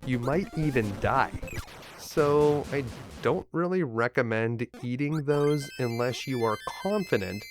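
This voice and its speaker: A male host narrates a scripted video game walkthrough, upbeat and lightly joking, at a measured pace with a medium-pitched voice. Clear game music plays underneath.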